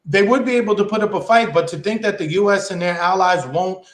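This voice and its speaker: A man's voice: high voice, fairly quick, a bit bright, roomy sound. A man co-hosting a political talk show, debating in casual slang with a sarcastic edge.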